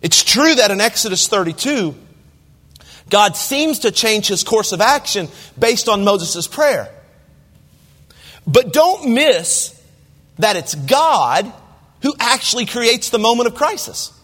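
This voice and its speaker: A man's voice: very high-pitched, lively intonation, measured pace, fairly bright tone. A man preaching a sermon as pastor, reading scripture aloud and talking conversationally, asking the listeners direct questions. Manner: reads scripture aloud in King James wording. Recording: long reverb of a large hall.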